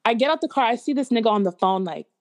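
A woman in casual podcast chat, telling a story in slangy, animated talk. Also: a little high, racing.

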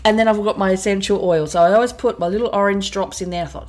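A woman's voice: mid-range voice, steady tone, fast, darkish tone. A middle-aged woman, telling a story in casual chat as a podcast guest and laughing her way through it. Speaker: guest, mother of the host.

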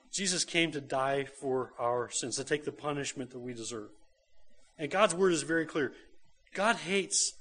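A male pastor delivering a sermon in an emphatic, earnest way. He circles back over his key phrases, repeating them for weight. He often turns to his listeners with quick rhetorical questions. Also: fairly high pitch, fairly bright tone, husky.

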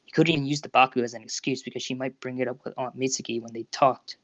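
A narrator reading fan fiction aloud in a steady, even manner over a Discord call. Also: mid-range voice, fast, few pauses, no echo. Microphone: Discord voice call recording. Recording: dull lo-fi Discord audio.

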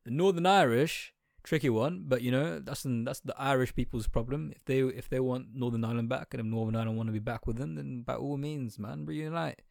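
A man's voice: medium pitch, brisk, gravelly, a little mellow, dry recording, studio quality. A young man, ranting sarcastically and bluntly in a slang-heavy monologue.

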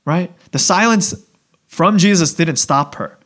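Guy pastor giving a sermon, kinda high voice, super chatty and animated, does little voices. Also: a little slow. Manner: conversational, animated, acts out voices.

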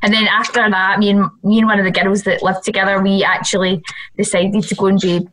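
A woman's voice: medium pitch, level tone, a little fast, a bit bright, poor audio. A woman in her thirties with a Glaswegian accent, telling stories as a chatty, laughing podcast guest. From Glasgow, Scotland. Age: 30s. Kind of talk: casual chat.

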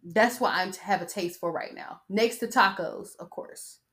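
A woman's voice: mid-range voice, moderate pace, fairly bright tone. A woman hosting a podcast in a casual, sassy style, chatting and mocking as she reads an article aloud. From United States. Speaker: podcast host.

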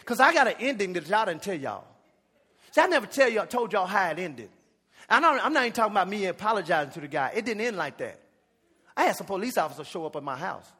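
A man pastor telling a comic story in a sermon, animated and shouting at the high points. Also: fast talker, slightly rough.

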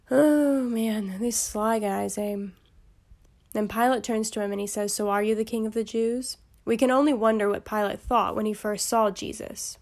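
A woman hosting a Bible study podcast, reading passages steadily and breaking into chatty, amused asides. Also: medium pitch.

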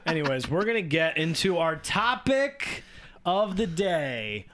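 A man's voice: on the high side, big pitch swings, measured pace, fairly bright tone. A man co-hosting a podcast in casual, comedic chat, teasing and crude. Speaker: podcast co-host.

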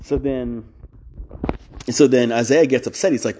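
A man's voice: mid-range voice, steady tone, normal speed, long pauses, a little mellow. A man hosting a podcast, talking in a casual preaching style, blunt and emphatic, with restarts and side remarks. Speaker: podcast host.

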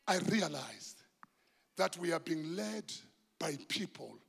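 A South African man preaching a sermon as pastor, passionate and swinging between hushed and shouted delivery, slipping in Zulu phrases. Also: a little high, very animated, slow pace, creaky, slightly rough. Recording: long hall reverb.

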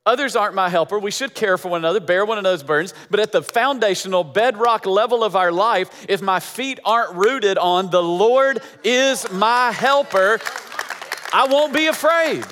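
Male pastor, high voice, emphatic repetitive sermon delivery, hall reverb. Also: a bit bright, a little hiss or hum. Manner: emphatic, repeating phrases for effect.

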